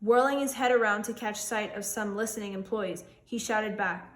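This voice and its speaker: A woman's voice: medium pitch, normal speed, few pauses, reverberant. A young woman, a student author, introduces herself and reads her own short story aloud, giving the characters voices. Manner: expressive reading, voicing characters.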